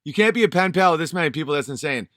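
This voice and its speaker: A man's voice: fairly high pitch, lively intonation, very fast, a bit bright, no echo, clean studio sound. A man in his thirties, a channel host, delivering an angry, profane and emphatic vlog monologue.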